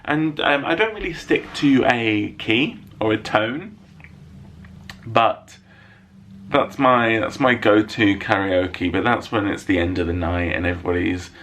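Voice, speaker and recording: A man with a low, gravelly voice chats casually to his camera from a room at home. He answers viewer questions with a light, self-mocking humour. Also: a little slow, a bit bright, a little hiss or hum. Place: room at home lit by a window.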